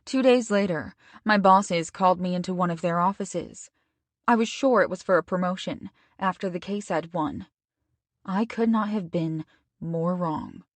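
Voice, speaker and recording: A woman narrating a first-person romance audiobook in a slow, even, measured way. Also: lowish voice, dry recording.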